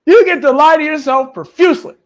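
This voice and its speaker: A man hosting, coaching a live audience in an animated, profane, mocking way. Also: extremely high pitch, brisk. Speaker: host.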